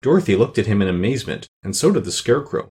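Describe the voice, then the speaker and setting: A man narrating a children's storybook in a steady, even reading voice. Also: fairly low pitch, fast talker. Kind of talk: audiobook narration.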